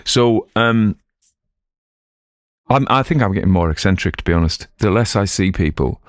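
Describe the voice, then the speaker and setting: A man's voice: fairly low pitch, animated, moderate pace, no echo, clean studio sound. A middle-aged Cumbrian man from Cumberland, an audiobook host chatting in a digressive, self-mocking way. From Cumberland, England. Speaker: audiobook reader and channel host. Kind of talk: casual rambling chat.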